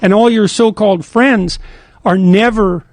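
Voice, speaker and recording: A man's voice: sits high, fairly even intonation, unhurried, no room sound. A man co-hosting a podcast, chatting emphatically and tripping over restarts. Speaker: podcast co-host. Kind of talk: casual chat.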